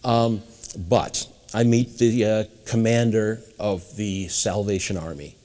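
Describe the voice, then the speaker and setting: A man's voice: fairly low pitch, steady tone, takes it slowly, dark tone. A man from New England, a guest mentalist in an interview, telling long rambling anecdotes and acting out the voices of people in them. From New England, USA. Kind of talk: storytelling interview.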